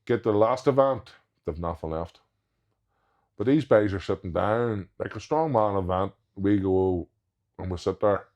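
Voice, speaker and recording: A man's voice: on the low side, a little slow, a little mellow, highs cut off. A man, a professional strongman guest on a podcast, telling anecdotes in casual chat and acting out what others said. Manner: anecdotal, quotes others in retold dialogue.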